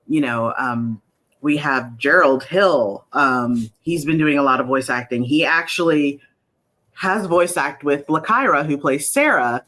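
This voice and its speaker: Bright, chatty woman talking shop. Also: low-pitched, measured pace. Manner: chatty, many fillers, acts out quotes in lively voices. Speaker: creator of an animated series, interview guest. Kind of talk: casual interview chat.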